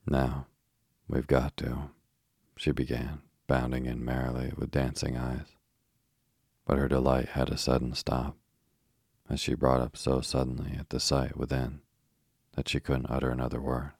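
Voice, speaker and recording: A man reading a children's story aloud as a bedtime narration, slow, soft and steady, with a husky voice. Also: rumbling low, no room sound, clean studio sound.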